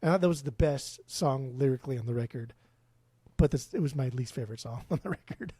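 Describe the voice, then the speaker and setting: A man's voice: mid-range voice, quick pace, mellow, husky, no room sound. A man co-hosting a casual music podcast, blunt and swearing freely, often restarting his sentences. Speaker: podcast co-host.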